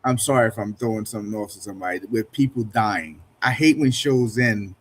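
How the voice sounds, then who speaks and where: A man with a lowish voice chats in an easygoing way, often laughing at himself. It is casual live-stream talk. Faint noise sits behind him. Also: fairly quick. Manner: laid-back, laughs easily, self-deprecating.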